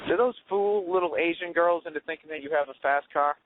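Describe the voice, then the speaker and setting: A man's voice: fairly high pitch, brisk, slight background noise. Sarcastic man ranting over a tinny line. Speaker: podcast host. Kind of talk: rambling solo monologue. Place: in a car while driving. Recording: tinny phone-like sound.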